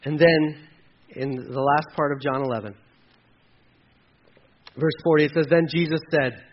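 A man's voice: fairly high pitch, measured pace, highs cut off. A man preaching a sermon with passion, acting out the voices from the scripture story. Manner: impassioned, acts out voices from the scripture. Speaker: pastor.

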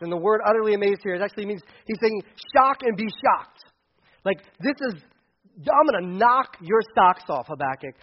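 A man preaching a casual sermon as pastor, animated and conversational, acting out quotes. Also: high-pitched, normal speed, dull audio.

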